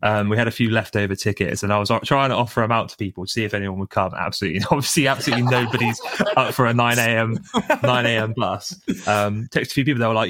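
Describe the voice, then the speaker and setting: A young man, co-hosting a casual football podcast in a relaxed, halting way. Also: fairly low pitch, no room sound. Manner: relaxed, hesitant with fillers, laughs while telling stories. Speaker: podcast co-host.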